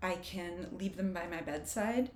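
A woman's voice: lowish voice, a little slow, a little mellow, roomy sound. A woman talking candidly and reflectively in casual conversation, laughing easily as she shares personal coping tools.

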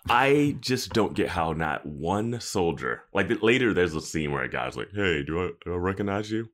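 Deep voiced guy on a podcast, voice jumps all over, laughs a lot, keeps asking how is this happening. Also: very animated, normal speed, fairly bright tone. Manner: laughs often, incredulous rhetorical questions. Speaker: podcast co-host. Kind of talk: casual chat discussing a TV episode.

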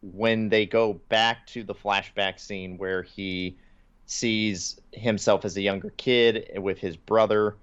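A man's voice: lowish voice, fairly even intonation, slow pace, a bit bright, clean tone. Man retelling cartoon scenes, lo-fi audio. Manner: retells cartoon scenes, quoting lines with little laughs. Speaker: podcast co-host. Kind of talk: casual chat. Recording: slightly dull lo-fi podcast audio.

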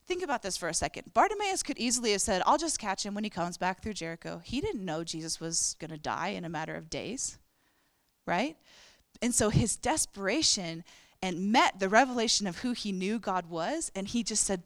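A woman's voice: medium pitch, lively intonation, normal speed, no room sound. A woman preaching a sermon, telling the story with animation and acting out the characters' voices.

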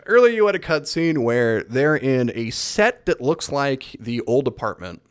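A man talks through a game's story on a podcast, his pitch leaping up and down with every beat. He swears constantly and drops into quick voices for the characters. The sound is dry and close, with no room around it. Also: clear, resonant tone, no echo. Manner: animated storyteller, swears a lot, acts out quoted lines. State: a bit winded. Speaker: podcast host recapping a game. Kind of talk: casual profane game recap.

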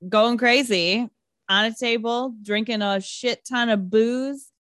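A woman in casual chat, slow-spoken and laughing, swearing casually. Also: a little high, fairly bright tone, no room sound, studio quality. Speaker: podcast co-host.

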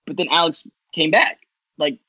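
Animated man on a dull, dry headset mic. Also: fairly high pitch, normal speed, slightly rough, no echo. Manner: animated, swears freely, acts out quoted talk. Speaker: podcast guest. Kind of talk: casual storytelling. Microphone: remote headset.

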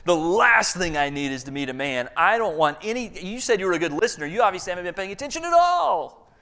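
A man's voice: mid-range voice, fast talker, pitched below the performer's own voice, natural voice. A man voicing a weary, skeptical woman at a hotel bar in a sermon story, talking sarcastically. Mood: sarcastic. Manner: sarcastic, incredulous.

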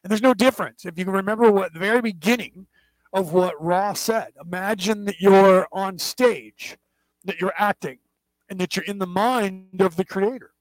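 A man's voice: high-pitched, moderate pace, no echo, low-quality recording. A man hosting a class, talking in a rambling, digressive way, restarting words and checking in with his listeners. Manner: digressive, keeps checking in with "right?" and "okay?"; restarts and repeats words often. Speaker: class host. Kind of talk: rambling spoken lecture.

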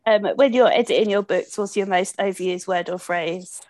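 A woman's voice: mid-range voice, moderate pace, a little mellow, dry recording, rough recording. A woman with a Bedfordshire accent who interviews an author in a chatty, upbeat way. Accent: Bedfordshire English. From Bedfordshire, England. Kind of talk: casual interview chat.

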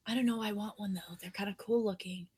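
A woman's voice: medium pitch, fast, breathy edge. A young woman co-hosting a casual podcast, reading odd news stories aloud and laughing often. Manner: giggly, animated. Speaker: podcast co-host.

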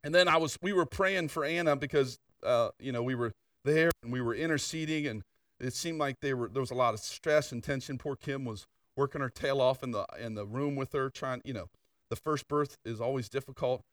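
A man's voice: mid-range voice, fairly quick, a bit bright, no room sound, studio quality, far from the mic. An older man preaching a sermon in a conversational storytelling way, full of asides and questions to the congregation. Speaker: pastor.

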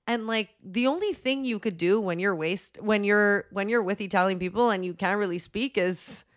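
A woman's voice: mid-range voice, normal speed. A young woman from Montreal telling a rambling story as a podcast co-host in casual chat, full of "like" and swearing. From Montreal, Canada.

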